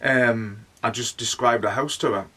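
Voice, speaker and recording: A man's voice: mid-range voice, fairly even intonation, moderate pace, pushed and bright, far from the mic. A man with a Northeast English accent, telling his story as a medium in a rambling, chatty way, with "like" all through. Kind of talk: casual storytelling monologue.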